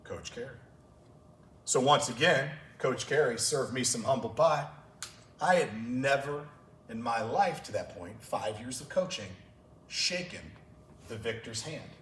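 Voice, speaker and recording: A man's voice: mid-range voice, expressive, unhurried, fairly bright tone, slight background noise. A man who coaches track and field, telling stories to fellow coaches at a clinic with passion and open emotion. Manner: passionate storytelling, gets emotional. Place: large conference room. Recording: echoey room, voice far from mic.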